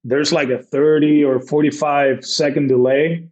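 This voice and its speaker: A man's voice: a little high, flat delivery, a little slow, a little mellow, rough recording. A man in his forties, a baseball manager, telling rambling stories as a podcast guest, full of fillers and acted-out quotes. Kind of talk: casual storytelling interview.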